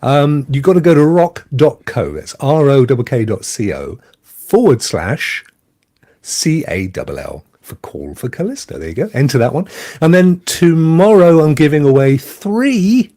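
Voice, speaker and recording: Male host, chatty and jokey, bouncy high voice, dry close sound. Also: big pitch swings, measured pace, dark tone, no room sound. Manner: jokey, chatty, thanks viewers by name. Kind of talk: casual livestream chat.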